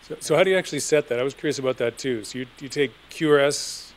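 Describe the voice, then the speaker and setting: A man in the audience asking a quick technical question. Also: mid-range voice, slight background noise.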